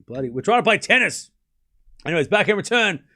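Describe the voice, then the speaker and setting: Bright and forceful, this man's high voice swings widely in pitch and runs a little fast as he hosts a live tennis watchalong stream. It's casual play-by-play: each shot called in short bursts, loose viewer chat between points, and offhand swearing.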